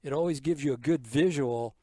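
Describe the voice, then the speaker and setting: Brisk and dark-toned, the medium-pitched voice of an older drum teacher explains concepts step by step during a drum clinic, counting beats as he goes. The recording has no echo, with drum kit music in the background.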